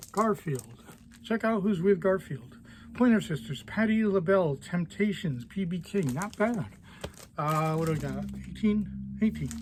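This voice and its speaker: A record store owner walking through new arrivals in a casual, offhand way, quickly listing titles and prices. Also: male voice, on the high side, a little mellow, slight background noise. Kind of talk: casual product walkthrough.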